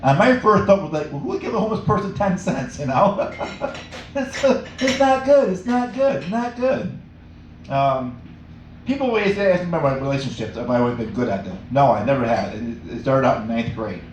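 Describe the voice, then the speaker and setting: A man's voice: medium pitch, lively intonation, fairly quick, a little hiss or hum. A middle-aged man doing a stand-up comedy set in a small cafe, rambling and laughing at his own jokes. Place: small cafe stage with live audience. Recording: echoey room, mic from far off.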